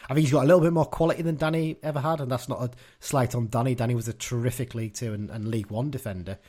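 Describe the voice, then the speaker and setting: A man's voice: mid-range voice, steady tone, racing, dark tone. A man co-hosting a casual football podcast, chatty and opinionated, often tagging his points with questions. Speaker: podcast co-host.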